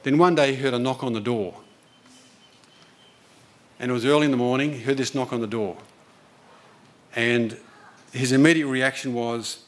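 A man's voice: mid-range voice, normal speed, pauses often. A man preaching a sermon, telling a story in an earnest, conversational way.

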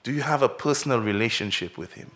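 Bright, expressive male pastor. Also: mid-range voice, fast talker. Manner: expressive storytelling, swells and drops in loudness and pace; asks the listeners many direct questions. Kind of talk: children's sermon with story.

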